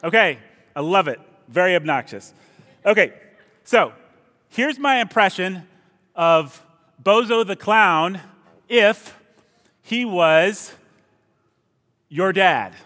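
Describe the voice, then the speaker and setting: A man's voice: high-pitched, expressive, slow pace, pauses often, bright, forceful tone. A man preaching a sermon, playful and chatty with the congregation. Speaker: pastor. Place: church service. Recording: long reverb of a church hall.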